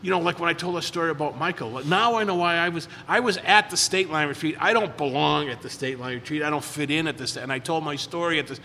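A man's voice: on the high side, fast, few pauses, sharp tone, in a large hall, slight background noise. A man in recovery telling stories at a meeting, rambling and repeating words as he acts out quotes in a casual way. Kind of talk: casual storytelling talk.

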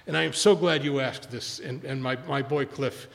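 A man telling his recovery story to a large audience, rambling with many restarts, speaking quietly and rising when he urges the crowd. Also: a little high, moderate pace. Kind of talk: personal testimony talk. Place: large hall before an audience. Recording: long hall reverb, gravelly.

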